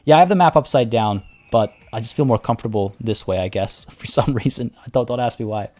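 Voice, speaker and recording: A man's voice: mid-range voice, brisk. A man streaming a strategy game with casual, chatty commentary, talking to his units as he plays. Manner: relaxed, chatty, talks to units.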